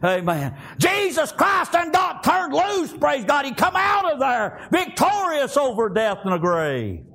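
A man preaching a fervent sermon, often breaking into shouts and filling his lines with "praise God" and "amen.". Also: very high voice, huge pitch swings, a little slow, vocal fry, few pauses.

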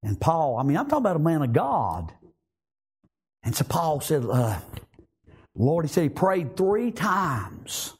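Male preacher, high husky voice, lively swings, amens throughout. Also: a little slow, pauses often. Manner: animated preaching with frequent repetitions and amens. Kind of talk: sermon.

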